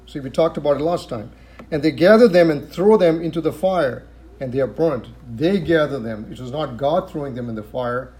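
A man's voice: fairly high pitch, a little mellow. A man teaching a sermon, reading scripture aloud and explaining it, who repeats phrases for emphasis and asks rhetorical questions. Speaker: preacher.

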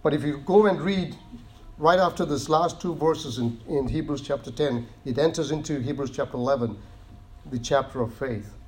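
A man preaching a sermon in an earnest way, often restarting phrases and slowing down to stress key words. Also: on the high side, a little mellow.

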